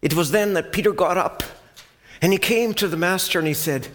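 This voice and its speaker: A man's voice: sits high, fairly quick, fairly bright tone. A man preacher retelling a Bible story dramatically, sometimes dropping to a whisper.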